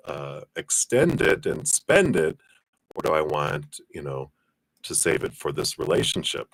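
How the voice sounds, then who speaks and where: A man giving a live-streamed card reading, chatting to viewers by name and passing on messages in a drawn-out, hesitant way. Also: sits low, no room sound. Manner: chatty, reads viewer names and passes on spirit messages. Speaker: tarot reader.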